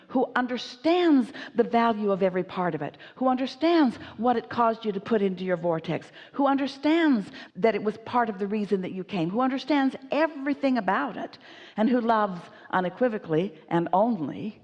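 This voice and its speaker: A woman speaks on stage at an inspirational seminar, emphatic and animated, referring to herself as "we". Her mid-pitched voice rings with the long reverb of a large hall. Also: highs cut off. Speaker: speaker answering audience questions.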